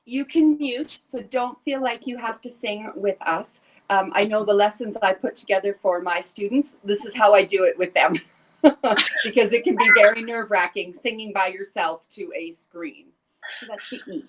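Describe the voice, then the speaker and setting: A woman's voice: mid-range voice, moderate pace, low-quality recording. A woman music teacher giving friendly, encouraging instructions over a video call.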